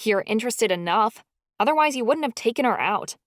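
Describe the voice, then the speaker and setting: A woman's voice: mid-range voice, big pitch swings, normal speed, no room sound, close to an everyday voice. A woman acting out a hurt, snide young woman who keeps throwing accusations. The sound is dry and close. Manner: snide, accusing, shouting back.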